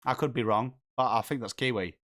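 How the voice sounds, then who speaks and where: Chatty English bloke hosting a footy watchalong. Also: male voice, mid-range voice, a little fast, fairly bright tone. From England. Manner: chatty, reads and answers viewer comments while calling the play. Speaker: host of a live footy watchalong. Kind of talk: casual live-stream chat with commentary.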